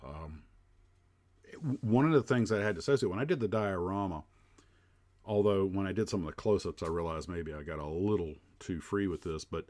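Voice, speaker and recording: The American livestream host has a low-pitched, darkish voice and talks a little fast. He chats casually and rambles, often using fillers and starting over.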